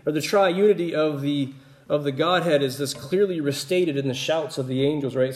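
A man with a mellow, slightly higher voice teaches scripture in an easygoing, conversational way. He keeps checking in with his listeners as he explains. The room around him is roomy and echoey. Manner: relaxed, explanatory, often checks in with "right?". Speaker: Bible teacher.

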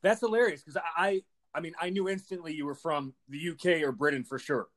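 Enthusiastic Midwest-accented podcast host. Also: male voice, fairly high pitch, a bit bright. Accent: Wisconsin Midwest American. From Wisconsin, US Midwest. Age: 30s. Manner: enthusiastic, fast-talking, lots of fillers like man and you know. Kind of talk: podcast intro and interview.

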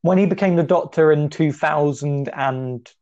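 A man's voice: fairly high pitch, moderate pace, darkish tone. A young man co-hosting a podcast, chatting in a rambling way and often pulling the talk back on track. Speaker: podcast co-host. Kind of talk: casual chat. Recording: dull lo-fi sound.

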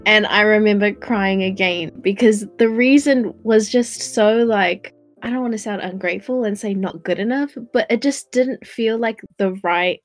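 A woman's voice: mid-range voice, normal speed, hardly any pauses, soft background music. A young adult woman, earnestly telling a personal story in casual chat, with lots of "like". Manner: earnest storytelling, heavy use of "like".

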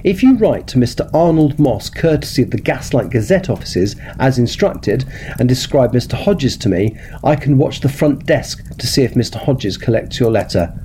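A man's voice: medium pitch, animated, warm tone, a little hiss or hum, lightly acted. A man reading the part of a composed, methodical Victorian lawyer who lays out a plan. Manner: measured, businesslike.

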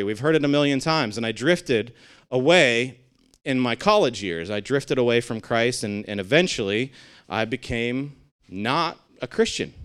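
A man in his thirties talks through a personal testimony in a candid, relaxed way. His voice is smooth and clear and sits at an ordinary middle pitch. He slips into the voices of friends and family as he retells what they said. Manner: candid and conversational, acts out quoted dialogue. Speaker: speaker sharing a personal testimony.

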